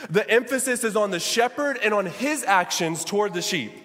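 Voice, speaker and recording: A man's voice: high-pitched, lively intonation, normal speed, a bit bright. A man preaching a sermon as pastor, calling out to his congregation. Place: church sanctuary. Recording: long church reverb.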